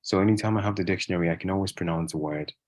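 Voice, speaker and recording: A man with a very deep voice speaking as a guest in a casual interview. He talks in loose, repetitive phrases, checking in with "right?" and closing thoughts with "yeah.". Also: racing, rough recording. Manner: repeats himself, frequent "yeah" and "right?".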